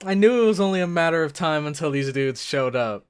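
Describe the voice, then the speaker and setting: A man giving casual reaction commentary, thinking out loud with lots of fillers and breaking into loud excited exclamations. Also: fairly high pitch, a little fast, few pauses, clear, resonant tone. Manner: thinks aloud with many fillers. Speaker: anime reaction host.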